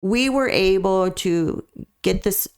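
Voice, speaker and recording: A woman's voice: mid-range voice, slow, clean tone. A woman, a dog breeder, telling a story as a podcast guest in an earnest, emphatic way, often repeating her key points. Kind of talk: conversational storytelling.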